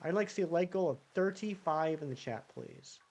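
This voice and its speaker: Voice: medium pitch, brisk, darkish tone, dull audio. A live-streaming gamer chatting casually with viewers, rambling and answering the chat while playing.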